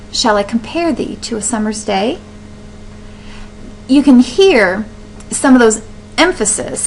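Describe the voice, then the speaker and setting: A woman teacher explaining poetry step by step, sounding words out slowly to show where the stress falls. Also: a little high, a little hiss or hum, low-quality recording. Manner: explains step by step, with fillers and restarts. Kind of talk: classroom lesson on poetry.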